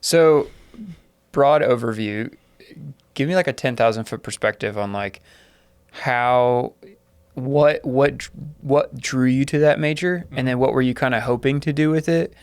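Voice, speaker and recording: A man's voice: medium pitch, unhurried, smooth, dry recording. A man hosting a podcast, introducing his guest and asking questions in a loose, friendly way. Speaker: podcast host. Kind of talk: casual interview.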